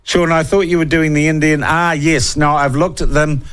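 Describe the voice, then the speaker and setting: A man's voice: a little high, steady tone, moderate pace, fairly bright tone, clean tone. A man with a New Zealand accent hosting talkback radio, reading listener texts and giving blunt, opinionated, sarcastic takes. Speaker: radio talk show host.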